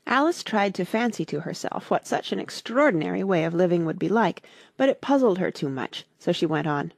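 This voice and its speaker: Sex: woman. Role: audiobook narrator. Style: expressive storybook narration. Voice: lowish, gravelly, widely varied pitch. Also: brisk, dry recording, studio quality. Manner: expressive, lively reading.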